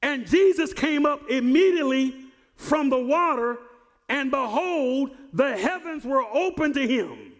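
High-voiced pastor preaching in a hall. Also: male voice, expressive, unhurried. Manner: preaching with rising, shouted emphasis; repeats words and stumbles on starts. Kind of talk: sermon.

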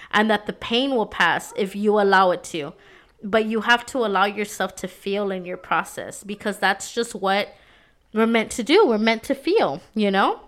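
A woman's voice: mid-range voice, a bit bright. Heartfelt woman podcast host. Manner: heartfelt, conversational, many fillers like "you know" and "right". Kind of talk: casual personal reflection.

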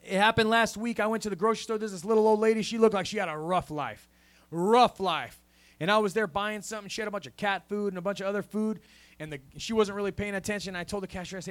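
A man's voice: high voice, fast. A man preaching a sermon in a church, punctuating with a call of "amen?" and a rising preacher cadence. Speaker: pastor.

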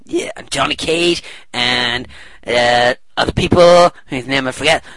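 A man's voice: mid-range voice, unhurried, fairly bright tone, no room sound. A man co-hosting a retro gaming podcast, teasing and laughing often in casual chat. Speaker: podcast co-host.

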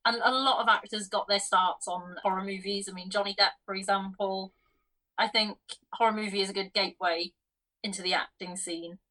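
A woman's voice: medium pitch, fairly even intonation, fairly quick, pushed and bright, low-quality recording. A woman co-hosting a film podcast, chatting cheerfully with frequent giggles. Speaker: podcast co-host. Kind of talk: casual film chat.

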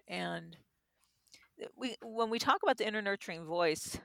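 A middle-aged woman explaining with gentle personal examples in an interview. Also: medium pitch, expressive, normal speed, creaky, dry recording, studio quality. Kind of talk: reflective interview talk.

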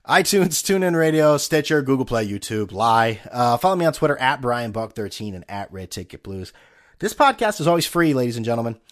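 A man hosting a casual solo podcast, rambling and sarcastic with plenty of profanity. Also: mid-range voice. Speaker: podcast host.

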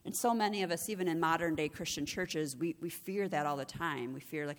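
A middle-aged woman with a low voice preaches a sermon at normal speed, earnest and conversational, frequently restarting and asking "right?" as she goes. She's an executive director as well as a preacher, and the recording carries the long reverb of a hall.

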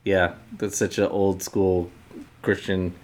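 A man's voice: sits low, flat delivery, slow pace, a little mellow. A man co-hosting a podcast in casual chat, explaining a point at length and restarting sentences as he thinks aloud. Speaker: podcast co-host.

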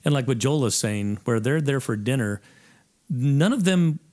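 A man's voice: mid-range voice, moderate pace. A middle-aged man, an improv comedy performer, telling stories in a casual chat and acting out what others said with laughs between lines. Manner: animated storyteller who acts out what people said and laughs between lines. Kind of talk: casual podcast chat, storytelling.

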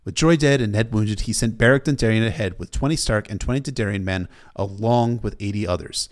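A man's voice: lowish voice, brisk. A man retelling a novel in a casual storytelling style, sometimes stopping for emotional asides. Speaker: book recap narrator.

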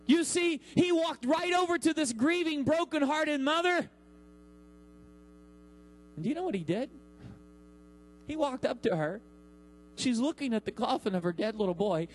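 A pastor in his thirties preaches from the pulpit in a very high, animated voice, building his points with dramatic pauses and acting out the quotes he shares. The audio is poor, with a faint mains hum underneath.

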